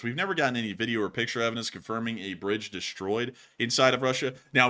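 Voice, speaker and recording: Bright-voiced man hosting a live news stream. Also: mid-range voice. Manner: stuttering, casual with many fillers. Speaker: news show host.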